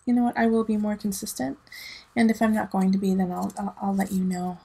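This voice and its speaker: A woman's voice: mid-range voice, little pitch movement, fairly quick, vocal fry, warm tone, slightly rough. A woman, a tarot reader and mother, chatting casually and rambling as she gives a reading, laughing often. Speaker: dance teacher and mother.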